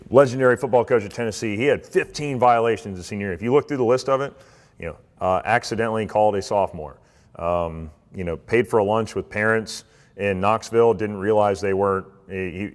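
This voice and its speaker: A man, a swim coach, giving a relaxed, conversational talk to athletes and parents, with many fillers. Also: lowish voice, fast. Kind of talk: informal presentation. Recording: reverberant hall.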